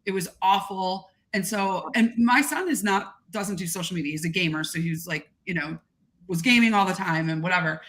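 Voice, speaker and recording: A gregarious, expressive woman talking casually as a podcast guest. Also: fairly low pitch, fairly quick. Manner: gregarious, animated, expressive talker. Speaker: guest content creator.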